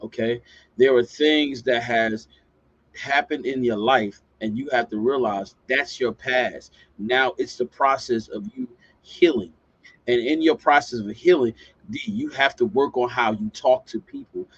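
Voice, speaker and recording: A husky man speaks firmly, coaching a friend through his troubles in a casual podcast chat. The sound is dry and a little dull. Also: mid-range voice, expressive, a little slow, dry recording. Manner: firm, coaching, repeats "listen". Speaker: podcast co-host giving advice.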